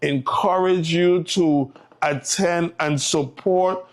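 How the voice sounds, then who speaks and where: A man's voice: fairly high pitch, steady tone, slow. A man with a Virgin Islands accent, hosting a live morning show and closing with an upbeat, encouraging monologue. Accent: Virgin Islands English.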